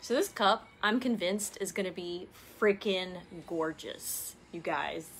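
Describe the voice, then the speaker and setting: A woman co-hosting a crafting video, chatting casually and giggling through animated stories. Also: lowish voice, takes it slowly, soft background music. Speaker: co-host of a crafting channel. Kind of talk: casual chat while crafting.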